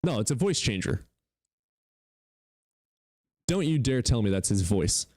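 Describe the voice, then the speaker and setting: A man's voice: medium pitch, big pitch swings, unhurried, darkish tone, dry recording. A man hosting a live-stream debate in casual chat, joking and sarcastic, and he swears freely. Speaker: livestream debate host.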